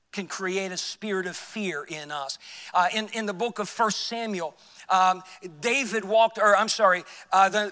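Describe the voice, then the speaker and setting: High bright-voiced preacher in a reverberant church. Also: male voice. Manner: storytelling, acts out quoted voices, drops quiet for emphasis. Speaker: pastor. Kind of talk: sermon. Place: church sanctuary.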